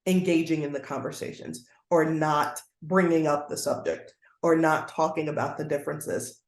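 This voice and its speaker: A woman's voice: deep voice, normal speed. A woman guest educator speaking earnestly in a conversational interview, now and then acting out the voices she quotes. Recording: roomy echoey sound.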